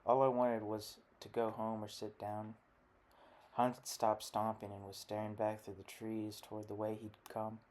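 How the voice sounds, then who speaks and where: Low flat-voiced male audiobook narrator. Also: moderate pace, slight background noise.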